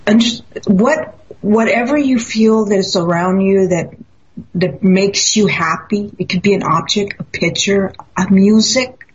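A woman's voice: mid-range voice, measured pace. A woman in casual spiritual conversation, speaking earnestly and acting out the voices in her own stories. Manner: earnest, storytelling, acts out quotes. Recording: dull lo-fi audio.

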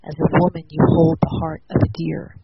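A woman voicing a gentle spirit deer that speaks to her in her mind, in a slow, solemn way. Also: low voice, creaky, husky, full character voice. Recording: dull lo-fi audio with steady noise.

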